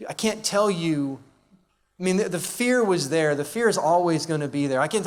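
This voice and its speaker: A man's voice: fairly high pitch, lively intonation, normal speed. A man speaking at a conference, telling a personal testimony in a conversational, emotional way with many fillers, into a stage microphone. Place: large live conference venue. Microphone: handheld or stage microphone.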